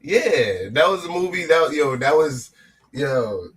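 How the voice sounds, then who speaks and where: A man's voice: on the high side, very animated, takes it slowly. A man hosting a podcast, rambling and repeating himself in casual chat. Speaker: podcast host.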